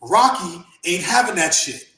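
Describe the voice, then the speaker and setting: A man telling a story on a podcast in an animated way, acting out the voices in quick bursts. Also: high-pitched, roomy sound, rough recording. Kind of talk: casual storytelling.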